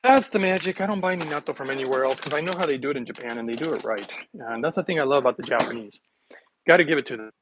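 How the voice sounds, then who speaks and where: A man hosting a health livestream, chatting casually and rambling with sarcastic asides while making a smoothie in his kitchen, recorded on a phone. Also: mid-range voice, very fast, background noise.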